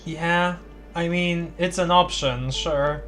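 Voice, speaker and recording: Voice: medium pitch, fairly even intonation, takes it slowly, fairly bright tone, soft background music. Chatty streamer thinking aloud. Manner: thinks aloud, reads game text, stumbles and laughs. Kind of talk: casual let's-play commentary.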